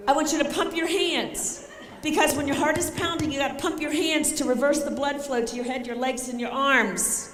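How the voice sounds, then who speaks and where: A middle-aged woman giving an animated, emphatic motivational talk on self-defense, joking and acting out scenes. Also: high voice, moderate pace. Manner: emphatic, jokey, often shouting and acting out scenes. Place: large conference hall. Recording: echoey hall, faint ambience.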